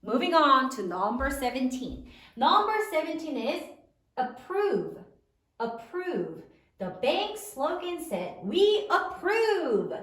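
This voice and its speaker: Slow, lively high-voiced woman teacher. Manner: slow, clearly enunciated word dictation. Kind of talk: spelling lesson dictation. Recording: roomy, from a distance.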